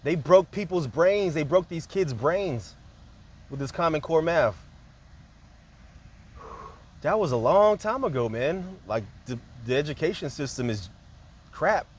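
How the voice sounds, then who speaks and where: A man's voice: on the high side, expressive, measured pace, long pauses, slight background noise. A man talking in a loose, rambling monologue, jumping from point to point and peppering his speech with casual fillers.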